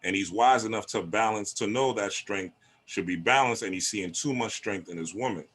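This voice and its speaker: A man giving a casual, animated monologue on relationships, checking in with "right?". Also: lowish voice, normal speed. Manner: animated, streetwise, lots of rhetorical "right?". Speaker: relationship talk host.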